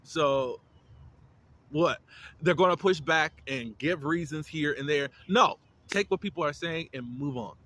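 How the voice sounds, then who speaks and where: Bright-voiced man recapping a show. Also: on the high side, unhurried. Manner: chatty, opinionated, frequent fillers and restarts. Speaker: reality TV reviewer. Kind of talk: casual episode recap and commentary.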